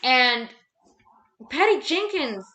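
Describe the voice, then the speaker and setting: Young woman ranting on her vlog, high bright voice, swears a lot, bouncy pitch, echoey room. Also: slow. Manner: rambling, swears freely, animated ranting with fillers. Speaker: vlogger. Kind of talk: casual ranting chat. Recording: roomy echo.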